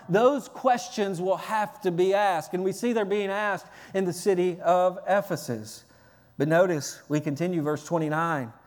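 A male pastor preaches with earnest energy, stacking repeated phrases. His voice runs fairly high. It rings with long reverb through a large sanctuary. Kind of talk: sermon.

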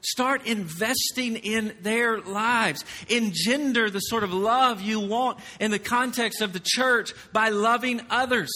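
A male pastor preaches in a high, bright voice that carries through a reverberant church hall. He swings between loud emphasis and quiet, confiding storytelling. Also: takes it slowly, hardly any pauses. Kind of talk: sermon.

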